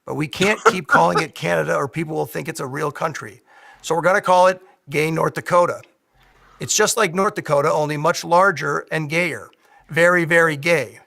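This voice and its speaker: A man putting on a blustering, rambling older president in a comedy news sketch. He piles up superlatives and loops back on himself, with a gravelly edge to a fairly high voice. It is clearly a played comedy clip. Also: moderate pace, bright, forceful tone. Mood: boastful. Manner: boastful, repetitive superlatives.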